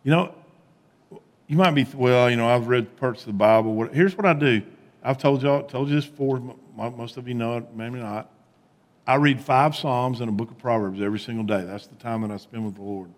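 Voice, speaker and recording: Animated male preacher in a reverberant hall. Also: fairly quick. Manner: animated preaching with rising emphatic peaks and quiet low asides. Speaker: pastor. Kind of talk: sermon.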